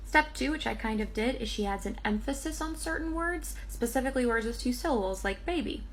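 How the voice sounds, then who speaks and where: A woman's voice: fairly high pitch, animated, brisk, few pauses, slight background noise. A young woman giving an upbeat, step-by-step vocal tutorial, plainly explaining how to imitate singers. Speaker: singer and impressionist teaching vocal impressions.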